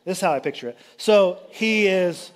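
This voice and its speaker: A man's voice: high-pitched, animated, normal speed. A man giving a sermon as a pastor, retelling a Bible story in a loose, chatty way with jokey asides. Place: church sanctuary.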